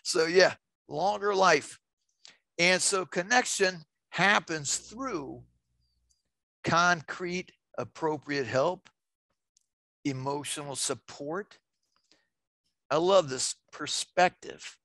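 Enthusiastic older man presenting, bright voice. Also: on the high side, slow pace, long pauses, dry recording. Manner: enthusiastic, gets loud when excited, many fillers. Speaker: webinar presenter on self-care. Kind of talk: informal presentation.

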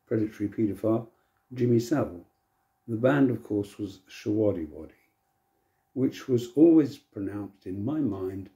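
A man's voice: mid-range voice, mellow. An older man, musing wryly and playfully in a casual monologue to camera. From England. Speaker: vlogger.

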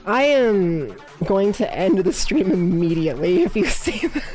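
A young woman streamer chatting casually with viewers, swearing, laughing and breaking into loud outbursts. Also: fairly high pitch.

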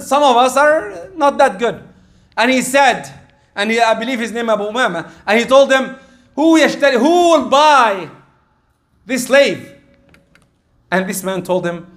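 A man giving an English sermon that is animated, moving from quiet asides to raised exclamations and breaking into fast recited Arabic verses. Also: very high voice. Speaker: preacher.

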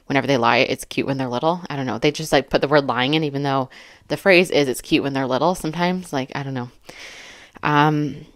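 A woman's voice: deep voice, no echo, clean studio sound. A woman in her thirties who sounds a little out of breath, reading a list aloud and commenting on each item in a chatty, filler-heavy way. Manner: chatty, filler-heavy, laughs between remarks. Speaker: commentary YouTuber. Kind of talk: casual commentary, reading and reacting.

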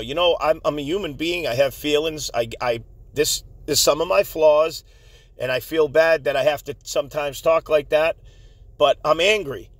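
A man's voice: fairly high pitch, normal speed, no echo. A man hosting his channel, delivering a heated commentary rant in an angry, insistent way, repeating himself. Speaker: channel host.

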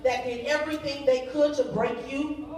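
A high-voiced woman preaches a lively sermon, leading her congregation in call and response with a playful touch. Her voice comes from far off and rings through a very echoey hall. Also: normal speed, slight background noise. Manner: lively, humorous, leads congregation in repetition. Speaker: youth day speaker. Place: church sanctuary.

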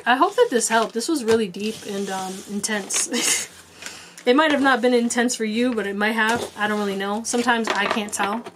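A woman's voice: fairly high pitch, moderate pace, noisy background. Encouraging woman doing a tarot reading. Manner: direct, encouraging, repeats short commands; chatty, swears casually, laughs at herself. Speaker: tarot reader. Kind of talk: casual pick-a-card tarot reading.

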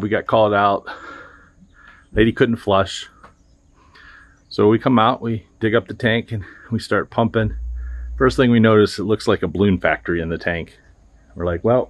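Low-voiced man, septic pumper, deadpan storyteller, recorded in a dry, dead room. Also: dry recording. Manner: dry, matter-of-fact, joking. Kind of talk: storytelling narration.

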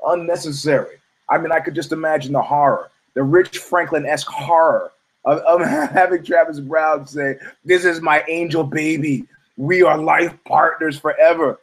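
A man at medium pitch hosting a talk show who rambles through a story. He swears freely and keeps restarting his sentences with asides. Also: poor audio. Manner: rambling, profane, many restarts. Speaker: host.

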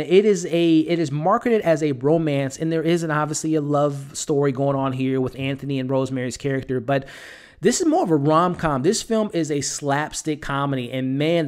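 Chatty man with a higher voice. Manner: conversational, many fillers and repeated words; frank, blunt criticism. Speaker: movie reviewer. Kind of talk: casual spoken film review.

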